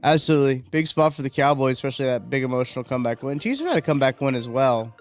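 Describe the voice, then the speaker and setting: A man hosts a casual live stream from home, rambling and chatting as he reads viewer comments aloud. His pitch sits in an ordinary middle range, with faint music playing underneath. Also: expressive, rapid-fire. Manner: rambling, chatty, reacts to chat, yawning. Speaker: livestream host.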